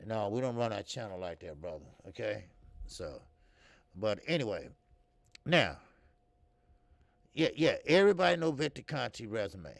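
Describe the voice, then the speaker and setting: A middle-aged man from the American Midwest runs a casual live boxing talk stream, loose and profane, chatting straight to his viewers. His voice is heavily gravelly and sits a bit high, with a lot of rise and fall in pitch. The sound is dry and close. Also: big pitch swings, a little slow, no echo. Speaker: boxing talk show host. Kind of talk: casual live-stream chat reading comments.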